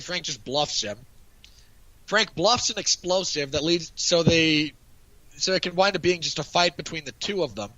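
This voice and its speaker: A man's voice: high-pitched, sharp tone, dry recording, dull audio. A man chatting casually on a podcast, animatedly recapping a TV episode and acting out lines of dialogue. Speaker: podcast co-host. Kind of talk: casual review chat.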